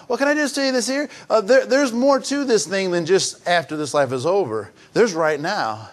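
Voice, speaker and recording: An older man delivers a sermon in a high, tenor voice. He climbs into emphatic, raised passages and then drops to soft, near-confiding tones, often stumbling and repeating words as he goes. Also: lively intonation, a little fast, few pauses. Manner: swings between raised emphatic preaching and soft hushed confiding; repeats and restarts phrases. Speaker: pastor.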